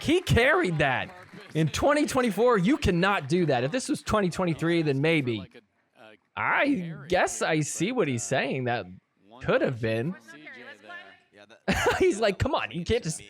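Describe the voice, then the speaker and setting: Man, slightly high voice, casual play-by-play recap, teasing, laughs a lot. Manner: playful, teasing, laughs often. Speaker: podcast host. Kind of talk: casual play-by-play recap over match footage.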